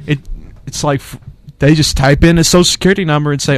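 A man's voice: on the high side, fairly even intonation, fast, no room sound. A young man in casual chat among friends, animatedly retelling a film scene and acting out the quotes in raised voices.

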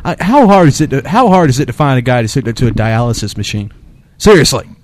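A man's voice: mid-range voice, lively intonation, quick pace, darkish tone, slight background noise. A man in casual conversation, speaking bluntly and swearing freely. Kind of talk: casual chat.

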